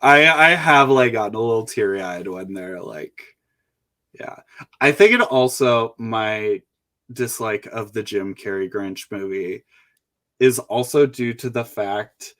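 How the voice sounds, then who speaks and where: A man co-hosting a podcast in casual chat, with a dry, deliberate and wry manner. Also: fairly low pitch, lively intonation, bright, forceful tone. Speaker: podcast co-host.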